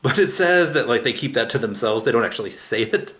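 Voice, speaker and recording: Man, preacher, sermon, casual storytelling, animated pitch, everyday asides. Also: a little fast. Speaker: pastor.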